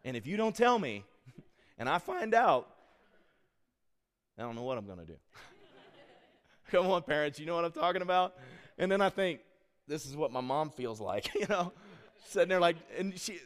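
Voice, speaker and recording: A middle-aged man preaching a sermon, mixing scripture with animated personal stories that he laughs at. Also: fairly high pitch, normal speed. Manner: animated storytelling, laughs at his own stories. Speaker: pastor. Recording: long hall reverb.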